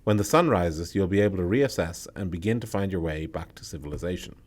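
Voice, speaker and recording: A man's voice: low-pitched, a little mellow. A man reading a solo tabletop horror game aloud and breaking off to comment on his choices. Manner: reads the text aloud, then adds quick asides about his choices. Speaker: solo game player and narrator.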